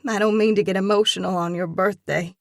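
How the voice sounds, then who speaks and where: A woman's voice: mid-range voice, fairly even intonation, fairly quick, creaky, no room sound, studio quality, lightly acted. A woman reading an audiobook and voicing a torn young female singer who speaks in an earnest, emotional way. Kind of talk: audiobook dialogue.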